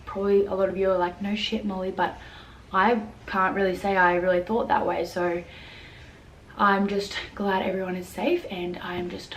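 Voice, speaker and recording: A woman's voice: mid-range voice, level tone, moderate pace. A young woman vlogging casually, telling a story with lots of "like" fillers and acted-out quotes. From Australia. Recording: echoey room with faint background noise.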